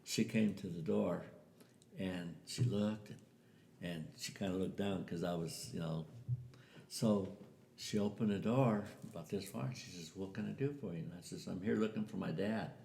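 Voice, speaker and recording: An older man with a very low, gravelly voice tells a family story in a relaxed, chatty way. He slips into the voices of the people he quotes. The recording carries a noticeable room echo. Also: moderate pace, a little hiss or hum. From US Southwest. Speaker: interviewee telling a family story. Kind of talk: casual storytelling. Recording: echoey room.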